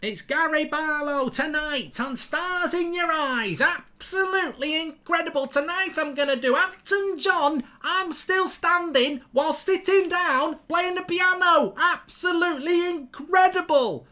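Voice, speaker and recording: A man doing a gushing high pop crooner. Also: pushed and bright, full character voice. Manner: high, drawn-out, showbiz gush. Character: gushing male TV talent-show pop singer.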